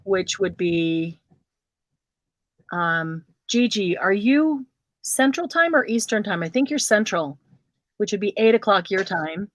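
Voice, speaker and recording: A woman's voice: mid-range voice, animated, takes it slowly, no echo. Lady hosting a craft stream, chatty, reads out viewer comments, dry close sound. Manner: chatty, addresses viewers by name. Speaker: craft livestream host. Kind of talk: casual livestream chat.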